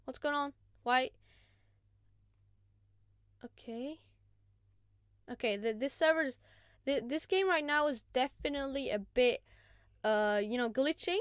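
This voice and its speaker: A woman hosting a gaming channel, giving casual gameplay commentary in an excitable, chatty, self-mocking way. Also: high-pitched, a little slow, long pauses, smooth, dry recording, clean studio sound.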